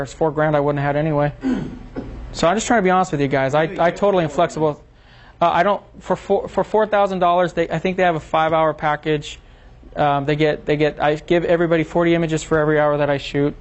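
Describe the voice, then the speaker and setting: Lively man telling a seminar story. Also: on the high side. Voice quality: animated storyteller, acts out quotes. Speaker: seminar presenter. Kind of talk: seminar talk to a small group.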